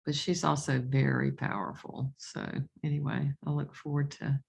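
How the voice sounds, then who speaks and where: A woman leading a meditation group in a soft, encouraging way. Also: sits low, level tone, normal speed, vocal fry, breathy edge. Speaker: meditation teacher. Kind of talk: casual group discussion.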